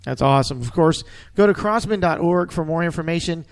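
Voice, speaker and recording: A man's voice: a little high, a little fast. A man hosting a casual internet radio show, upbeat and promotional as he talks.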